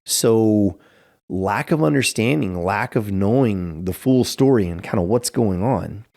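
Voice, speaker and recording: Man, low gravelly voice, casual podcast talk, loose and chatty. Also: animated, a little slow, darkish tone. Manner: casual and conversational, many fillers like "you know". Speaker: martial arts school owner. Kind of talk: storytelling in a podcast interview.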